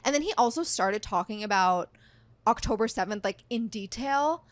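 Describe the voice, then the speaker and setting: Chatty higher-voiced woman in her thirties. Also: normal speed, no room sound. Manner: chatty, heavy use of "like", animated retelling. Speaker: podcast guest. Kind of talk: casual storytelling chat.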